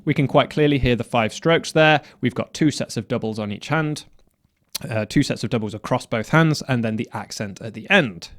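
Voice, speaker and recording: A man's voice: mid-range voice, moderate pace, over loud music. A man teaching snare drum technique, explaining step by step and counting strokes aloud. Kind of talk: instructional explanation.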